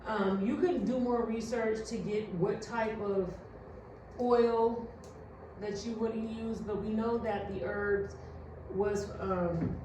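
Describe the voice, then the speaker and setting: A chatty woman talks casually to her viewers, walking through a home ritual step by step. She sits back from the mic in a very echoey room. Steady background noise runs underneath. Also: medium pitch, takes it slowly, distant mic. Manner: chatty, loose, addresses viewers as you guys. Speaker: spiritual vlogger. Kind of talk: casual how-to chat.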